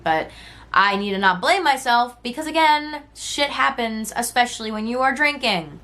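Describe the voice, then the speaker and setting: A woman's voice: a little high, normal speed, a bit bright. A woman in her twenties telling a personal story in a casual, conversational vlog, peppered with "like" and the occasional swear word. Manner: conversational, frequent "like" and "right?", swears freely; candid, retelling texts in quoted voices.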